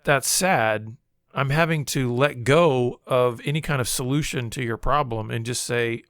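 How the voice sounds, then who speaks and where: A man's voice: mid-range voice, measured pace, fairly bright tone, dry recording, clean studio sound. A man co-hosting a podcast, talking casually and reflectively, thinking aloud. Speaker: podcast co-host. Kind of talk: casual conversation on marriage.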